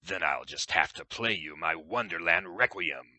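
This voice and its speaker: A man voicing a taunting male slasher killer in a screenplay reading, slow, mocking and menacing. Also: sits low, animated, sharp tone, no room sound, voice pushed down, exaggerated voice.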